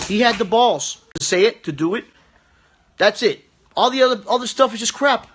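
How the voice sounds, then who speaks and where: A man ranting bluntly and profanely to viewers on a live stream, talking in quick bursts. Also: high voice, fairly bright tone. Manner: blunt, profane, rapid-fire talk. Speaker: political livestream host. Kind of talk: profane casual rant to viewers.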